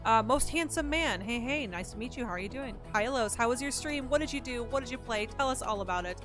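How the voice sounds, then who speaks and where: A woman's voice: a little high, lively intonation, quick pace, music in the background. A woman hosting a casual gaming live stream, chatting and greeting viewers in a bubbly, welcoming way.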